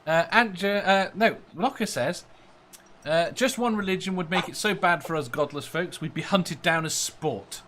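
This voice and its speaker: A man's voice: high-pitched, moderate pace, a bit bright, a little hiss or hum. A man hosting a casual podcast chat, reading listener comments aloud and laughing often. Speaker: podcast host.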